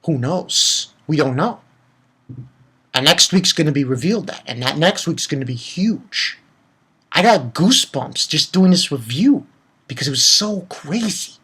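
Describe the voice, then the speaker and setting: A young man giving a casual, excited manga chapter review, rambling and swearing freely. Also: on the high side, breathy edge.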